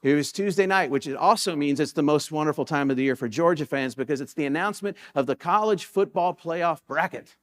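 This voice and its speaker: A man with a fairly high voice preaches in a church sanctuary. He talks like he's chatting with the congregation, then lifts into sudden emphatic bursts to drive a point home. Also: fairly quick, few pauses, a bit bright. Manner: conversational storytelling with sudden emphatic rises. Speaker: pastor. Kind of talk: sermon.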